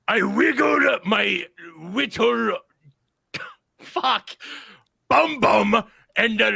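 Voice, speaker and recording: A man putting on a loud, exaggerated voice of an angry male samurai, shouting his lines. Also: high voice, vocal fry, exaggerated voice.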